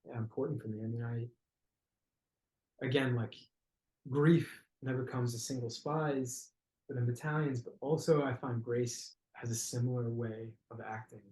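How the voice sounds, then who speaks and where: A man's voice: medium pitch, steady tone, moderate pace, a little mellow. Reflective man telling a story in a roomy room. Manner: searching, hesitant phrasing with frequent "like" and restarts. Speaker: podcast guest, actor. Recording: roomy podcast recording.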